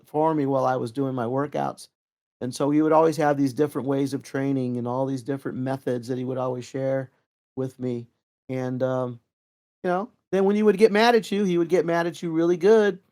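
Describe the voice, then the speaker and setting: A middle-aged man telling training stories in a casual, rambling way, full of fillers and restarts. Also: mid-range voice. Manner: rambling, lively anecdotes with many fillers. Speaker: interview guest, Kempo practitioner. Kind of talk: casual storytelling.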